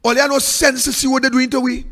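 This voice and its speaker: Fiery high-voiced Trinidadian man ranting. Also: little pitch movement, fast, bright, forceful tone, long reverb tail. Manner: fiery, ranting, repetitive, at times sing-song. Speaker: political commentary host. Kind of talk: impassioned political monologue.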